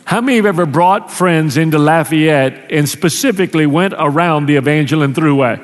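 Pastor preaching in a reverberant church. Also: male voice, fairly high pitch, normal speed. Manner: conversational preaching with repeated restarts. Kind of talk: sermon. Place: church sanctuary.

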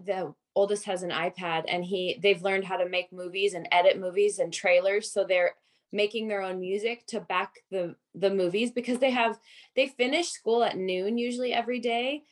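A woman chatting casually about family life in an eager, friendly way. Her voice sits at a middle pitch, and her sentences tumble out with quick restarts. It sounds like natural, unscripted talk. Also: fairly even intonation. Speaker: co-host, parent. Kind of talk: casual chat.

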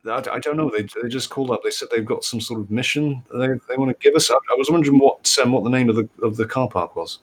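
A man's voice: medium pitch, quick pace, few pauses. A man playing a tabletop role-playing game, talking casually and hesitantly. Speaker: player. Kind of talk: tabletop role-play chat.

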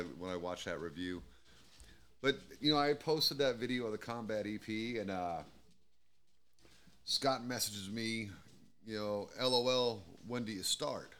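A lowish voice, pushed and bright, comes through slight background noise as this podcast host and radio DJ chats casually. He laughs often and swears freely while telling his stories.

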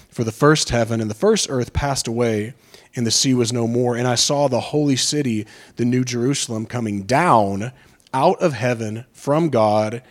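A man preaching a sermon in a conversational, impassioned way, joking with the congregation. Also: mid-range voice. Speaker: pastor.

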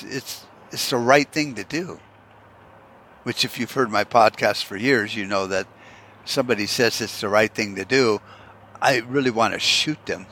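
Podcast guy going on a sweary sarcastic rant, mid-pitch voice, rambles. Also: sharp tone, slight background noise. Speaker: podcast host. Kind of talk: profane monologue rant.

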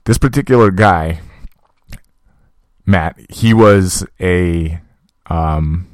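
A man's voice: low-pitched, extremely slow, no echo. A man, a fight coach, telling a story in a casual, profane, conversational monologue aimed at his listeners. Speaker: podcast host and fight coach.

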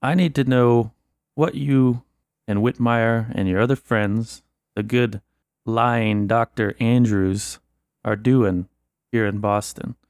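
A man voicing a blunt, suspicious 1920s police officer in a tabletop role-play, gruff and dismissive. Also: mid-range voice, fairly even intonation, slow pace, a little mellow, no echo, studio quality. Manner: gruff, plain-spoken, dismissive. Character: blunt suspicious male 1920s Boston cop.

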